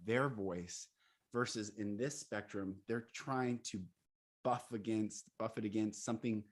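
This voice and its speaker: A man's voice: fairly low pitch, fairly even intonation, a little slow. A man who leads men's retreats, speaking earnestly and emphatically in an interview, now and then laughing as he explains. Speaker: coach and retreat leader. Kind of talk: interview conversation.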